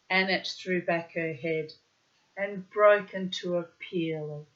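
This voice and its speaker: A woman reading a story aloud as narrator, in a measured, even narrating voice. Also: lowish voice. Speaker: audiobook narrator. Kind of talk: scripted narration. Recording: dull lo-fi recording.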